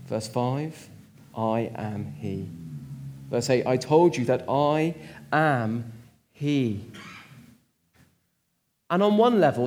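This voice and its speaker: In church, a man preaches a sermon emphatically, stressing words with strong rises and drops. His voice is medium-pitched and darkish, with a little hiss or hum on the recording.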